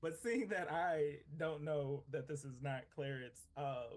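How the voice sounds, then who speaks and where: A man casually playing his character in a tabletop game, chatty and animated. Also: a little high, measured pace. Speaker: player.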